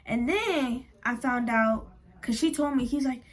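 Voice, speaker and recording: Animated young woman telling a story. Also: fairly high pitch, measured pace. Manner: animated, slangy, frank and profane. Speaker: vlogger. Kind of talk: casual storytime vlog.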